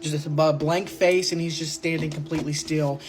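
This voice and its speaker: A young person telling a scary camping story casually, animated and swearing freely. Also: mid-range voice, normal speed, a little hiss or hum.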